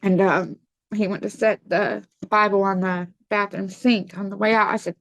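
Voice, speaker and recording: A woman telling a personal testimony in a casual, halting way, with many fillers and restarts. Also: medium pitch, fairly even intonation, a bit bright, no room sound. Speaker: testimony guest.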